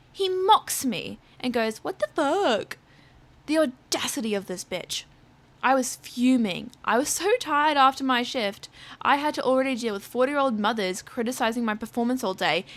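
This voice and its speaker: A woman's voice: high-pitched, fairly bright tone. A young adult woman telling a storytime rant in a sarcastic, profane way. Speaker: vlogger.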